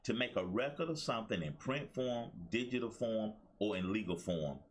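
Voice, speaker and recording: A man's voice: lowish voice, animated, moderate pace, slightly rough. A man hosting a casual commentary show, talking conversationally and repeating his points. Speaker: host.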